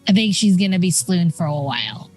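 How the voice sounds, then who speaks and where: A woman player describing her character's actions hesitantly, with many pauses. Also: lowish voice, animated, darkish tone, soft background music. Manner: hesitant, lots of fillers.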